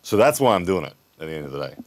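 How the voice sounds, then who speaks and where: A man hosting a podcast in casual chat, easygoing and quick to laugh, reading out viewer questions. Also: sits low, very animated, dry recording. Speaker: podcast host. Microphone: podcast microphone.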